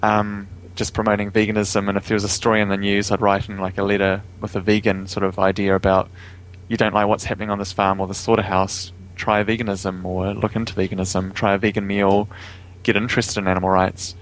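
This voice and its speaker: A man's voice: fairly low pitch, little pitch movement, brisk, poor audio. A man with a New Zealand accent, a guest talking casually in an interview over a remote call, easygoing and chuckling often. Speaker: guest, vegan activist.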